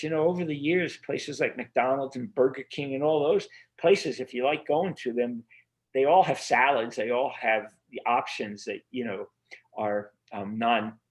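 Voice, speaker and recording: An earnest man speaking as the guest of a remote interview, his voice sitting at a middling pitch. He rambles, circles back and restarts his thoughts with plenty of fillers. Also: unhurried. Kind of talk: casual interview conversation.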